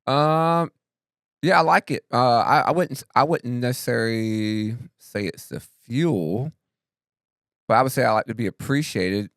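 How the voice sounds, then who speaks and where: A man co-hosting a podcast, speaking in a relaxed, slangy, emphatic way. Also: mid-range voice, measured pace, dry recording, studio quality. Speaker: podcast co-host. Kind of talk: casual conversational podcast.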